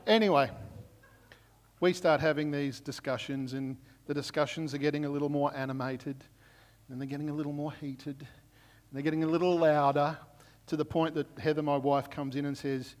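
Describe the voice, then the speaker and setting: A man's voice: on the high side, normal speed, darkish tone. A man preaching a sermon as pastor, in a conversational storytelling way with frequent "right?" check-ins. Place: church. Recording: long reverb of a church hall.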